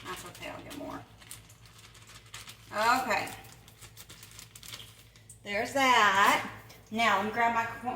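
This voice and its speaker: In a home kitchen, a woman hosts a casual cooking vlog on her channel, chatting, rambling and laughing often. Her mid-range voice is bright and forceful but sits far from the mic. The room is echoey, with faint background noise.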